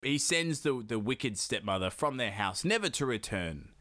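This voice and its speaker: A man retells an old tale to his sister in loose podcast chat. He swears freely, laughs often and slips into quick impressions of the characters. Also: medium pitch, expressive, a bit bright. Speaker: podcast co-host retelling a folktale. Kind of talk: casual chat, crude and joking.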